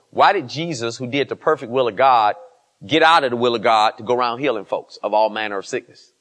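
A man's voice: medium pitch, fairly bright tone. Man, pastor, church sermon, emphatic call-and-response preaching. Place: church service.

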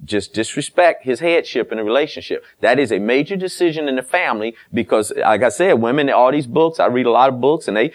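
In a medium-pitched, expressive voice, a little fast and with few pauses, a middle-aged man gives a sermon on marriage as a pastor. His delivery is folksy and blunt, mixing teasing remarks to listeners with quoted dialogue that replays old conversations.

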